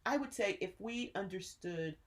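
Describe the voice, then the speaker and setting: A woman in her sixties from New Jersey, co-hosting a podcast and telling childhood stories with lots of laughter. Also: mid-range voice. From Newark, New Jersey. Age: 60s. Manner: animated storyteller, quick to laugh. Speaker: podcast co-host. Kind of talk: casual chat.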